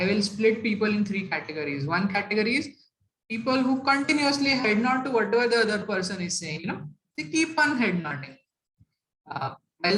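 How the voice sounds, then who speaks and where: A woman's voice: medium pitch, a bit bright. A woman giving a talk on workplace etiquette, emphatic and asking the audience rhetorical questions. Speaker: corporate etiquette speaker. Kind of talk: motivational talk. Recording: roomy hall echo.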